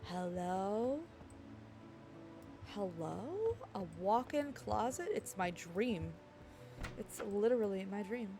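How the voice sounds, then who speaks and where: A woman streaming a game live, chatting casually with her viewers in a playful, excitable way. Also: mid-range voice, takes it slowly, pauses often, music in the background. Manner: playful, excitable, jokes with chat. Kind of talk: casual live-stream chat while gaming.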